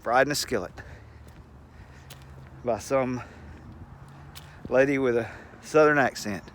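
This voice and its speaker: Man, folksy storyteller, rambling and chuckling, mid-pitched voice, faint background hum. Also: takes it slowly. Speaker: channel host. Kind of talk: casual storytelling to camera.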